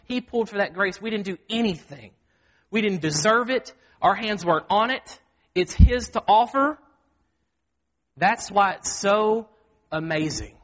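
High-voiced pastor preaching. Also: male voice, lively intonation, a little slow, a bit bright. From Mississippi. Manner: earnest, self-deprecating, acts out quoted speech. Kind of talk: sermon. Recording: long hall reverb.

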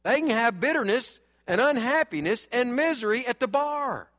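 High-voiced preacher in a reverberant hall. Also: male voice, normal speed. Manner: animated, swings between loud urging and low asides. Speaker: pastor. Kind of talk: sermon. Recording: long reverb of a church hall.

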